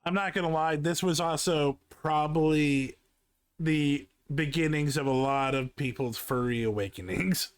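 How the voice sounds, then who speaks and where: Male streamer for casual chat: takes his time, smooth clean tone, blunt profane asides. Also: on the high side, a little slow, no room sound. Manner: candid, profane asides with many fillers. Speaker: streamer reacting to a video.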